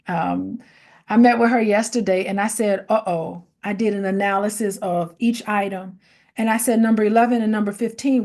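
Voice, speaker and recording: A middle-aged woman hosting a reflective casual talk, telling stories in an animated way, acting out quoted voices and laughing often. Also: mid-range voice. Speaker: host.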